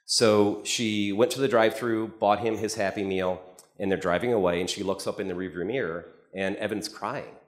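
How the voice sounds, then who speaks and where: A man presents at a conference in a low, grounded voice. He tells his stories in a loose, conversational way, often restarting and repeating words. The sound carries a noticeable echo from a large hall. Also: steady tone, moderate pace. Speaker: conference speaker. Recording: echoey hall.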